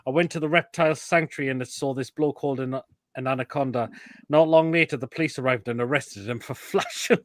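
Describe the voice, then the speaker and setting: A man's voice: mid-range voice, a little fast, no room sound. Man joking through food pics. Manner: crude banter, reading comments aloud. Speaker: host. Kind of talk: casual live-stream chat.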